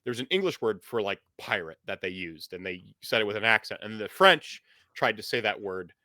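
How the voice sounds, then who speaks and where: A man's voice: on the low side, lively intonation, a little fast, pushed and bright, no room sound, clean studio sound. A man as game master, chatting in a rambling way with many fillers, then narrating a scene. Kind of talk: casual chat and game narration.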